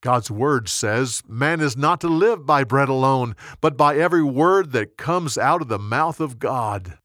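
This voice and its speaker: A man voicing a calm, gentle male spiritual teacher who speaks in a measured, firm way in a storybook narration. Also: mid-range voice, no room sound, clean studio sound. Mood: steady.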